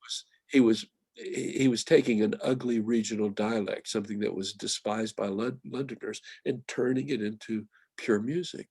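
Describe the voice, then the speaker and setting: A man's voice: on the low side, fairly even intonation, creaky, a little mellow, slightly rough, dry recording. An older man with a Western Pennsylvania accent, a guest poet talking thoughtfully about verse and dialect on a video call. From Mon Valley, Pennsylvania. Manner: thoughtful, measured, quoting lines slowly. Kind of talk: reflective talk on poetry.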